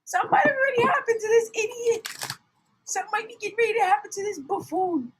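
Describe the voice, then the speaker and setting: A young woman talks through a tarot reading in a loose, animated way. Her voice sits high, dropping to near mutters and then bursting out loud, with frequent laughs and blunt language. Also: fast talker, a little hiss or hum, poor audio. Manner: animated, swings from soft mutters to shouts, laughs often, swears. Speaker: tarot reader. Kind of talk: casual tarot reading monologue.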